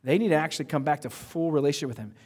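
A middle-aged male pastor preaching with a lively, conversational storytelling manner. His voice sits a bit higher than most men's. Long echo from the church hall trails behind each phrase. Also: very fast, breathy edge. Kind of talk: sermon. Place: church sanctuary.

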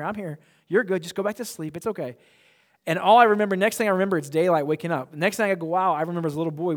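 A middle-aged male pastor preaching a sermon, moving between loud declarations and hushed, near-whispered lines. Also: fairly high pitch.

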